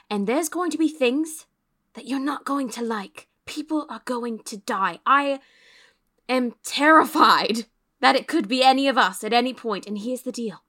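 A woman voicing a blunt, weary female ship captain who makes dry, deadpan threats in a tabletop game. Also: fairly high pitch. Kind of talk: in-character tabletop play.

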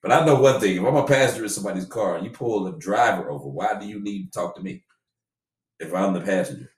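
A middle-aged man with a very deep, low voice tells stories in a relaxed, unhurried way. He slips into lively voices when he quotes people. The room around him is echoey. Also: distant mic. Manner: storytelling, laid-back, quotes people in animated voices. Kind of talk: casual chat.

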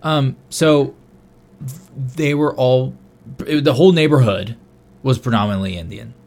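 A man's voice: medium pitch, unhurried, darkish tone. A man co-hosting a podcast in casual chat, telling rambling, profane stories. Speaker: podcast co-host.

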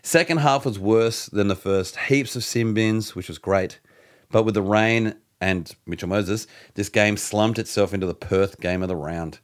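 An Australian man co-hosting a casual sports chat, swearing freely and telling stories with jokes and animated asides. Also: on the low side, moderate pace. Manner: sweary, jokey, animated storyteller. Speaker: podcast co-host reviewing rugby league.

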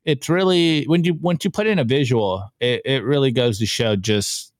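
A man's voice: mid-range voice, moderate pace, dry recording. A man hosting a live show in a casual, upbeat way, reading out posts and chatting about them with the odd laugh. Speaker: podcast host reviewing memes. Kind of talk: casual live-stream chat.

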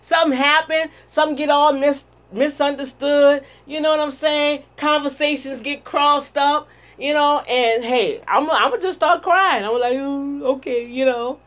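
A woman preacher delivering a sermon and prayer in a fervent, repetitive cadence, on a dull lo-fi recording. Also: sits high. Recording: dull lo-fi sound.

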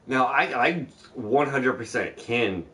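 A man's voice: mid-range voice, unhurried, a bit bright. A man telling a long story in a casual chat, rambling and swearing, acting out the other people's lines as he goes. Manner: rambling, profane, acts out quoted voices.

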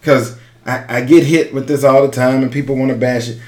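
A man's voice: mid-range voice, steady tone, brisk, a little mellow, roomy sound. A man hosting a podcast, giving an urgent, emphatic motivational talk and repeating his key phrases. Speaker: podcast host and business coach.

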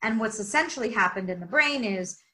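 A woman's voice: medium pitch, a little fast, rough recording. A woman leadership coach answering interview questions, explaining energetically and often checking in with "right?". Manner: energetic, lots of "right?" asides.

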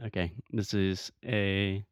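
A man's voice: deep voice, flat delivery, takes it slowly, clean tone, dry recording, studio quality. A man from the United States hosting a casual show, correcting his guest's English with patient explanations and joking asides. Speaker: English teacher and podcast host. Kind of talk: casual teaching chat.

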